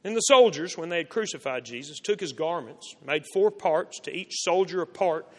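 A man reads scripture aloud in a solemn, measured manner. His voice sits high for a man and rises and falls a great deal. A long hall reverb trails each phrase. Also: animated, a bit bright. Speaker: scripture reader.

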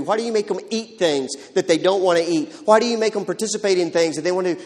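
A man's voice: on the high side, darkish tone. A man preaching a sermon as pastor, driving his points home with emphatic rhetorical questions in a church. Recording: long hall reverb.

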